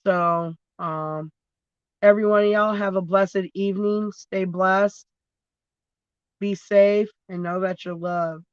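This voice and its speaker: A woman's voice: mid-range voice, fairly even intonation, slow, smooth, no room sound, highs cut off. A woman chatting casually on a phone livestream, rambling between topics, swearing freely and laughing often. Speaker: livestream host.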